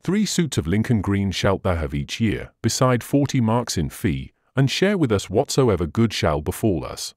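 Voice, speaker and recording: A man giving voice to a bold, merry outlaw chief who boasts in old-fashioned speech. The voice sits low and swings lively through each line, read close and dry like a storybook recording. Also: moderate pace, few pauses, no room sound. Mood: hearty. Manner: archaic hearty speech, laughing boasts. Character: merry bold male outlaw leader, hearty.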